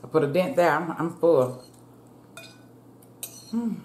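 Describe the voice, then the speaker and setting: A woman's voice: deep voice, lively intonation, slow pace, a little mellow. A woman food vlogger chatting casually to her viewers while eating, calling them y'all. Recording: echoey room with faint ambience.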